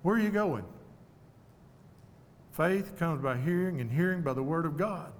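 A man preaching an evening sermon, earnest and humble, speaking in a measured way with deliberate pauses. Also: on the high side, expressive. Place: church auditorium. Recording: long reverb of a church hall.

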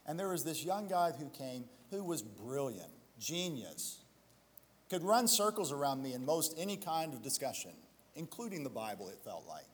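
A man's voice: a little high, sing-song, normal speed, long reverb tail, slight background noise. A male pastor preaching a sermon, building to emphatic exhortation and slipping into self-deprecating storytelling asides.

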